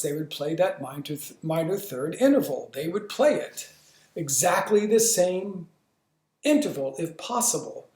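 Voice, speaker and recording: A man teaching a lesson, explaining and acting out sounds and movements with frequent stammering restarts and animated emphasis. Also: high voice, moderate pace, echoey room. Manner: demonstrative, acts out sounds and movements. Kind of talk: instructional lesson.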